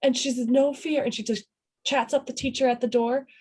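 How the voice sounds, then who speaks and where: A woman's voice: high voice, steady tone, a little fast, darkish tone, slightly rough. A woman, a parent talking casually in an oral history interview, rambling and breaking off her sentences. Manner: rambling, self-interrupting, laughs often.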